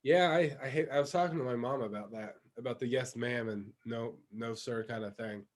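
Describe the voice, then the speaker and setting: A man's voice: mid-range voice, a little fast. A man co-hosting a podcast, telling a story in a loose, rambling way with many fillers. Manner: rambling with fillers, laughs often. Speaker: podcast co-host, comedian. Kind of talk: casual comedic chat.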